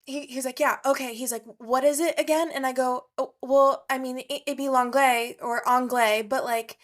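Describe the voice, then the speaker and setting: A woman's voice: high voice, fairly even intonation, normal speed. A woman co-hosting a podcast, telling a story in casual chat and laughing often. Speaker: podcast co-host.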